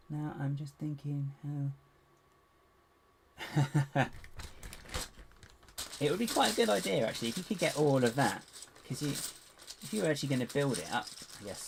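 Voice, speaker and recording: Male streamer, mid pitch, casual build-along chatter with a muttering, self-deprecating delivery. Some hiss and keyboard noise behind. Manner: chatty, muttering to himself, self-mocking asides. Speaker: livestream host building toy bricks. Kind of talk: casual live-stream commentary while building.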